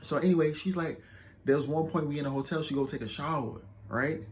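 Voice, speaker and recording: A young man telling a casual storytime to his viewers in a loose, slangy, boastful way. He keeps checking in with the listener and gets loud and excited when he retells an argument. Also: fairly high pitch, a little fast, slight background noise. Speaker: vlogger.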